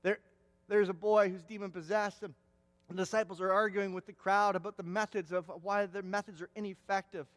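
A man's voice: high voice, level tone, fairly quick, fairly bright tone. A man preaching a sermon as pastor, emphatic and repeating words for stress, with a long hall reverb.

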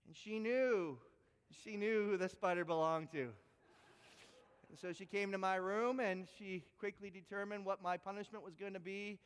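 High-voiced animated man preaching in a hall. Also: moderate pace, clean tone. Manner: animated storytelling with big pitch swings. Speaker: pastor. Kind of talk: sermon with personal story. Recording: echoey hall with long reverb.

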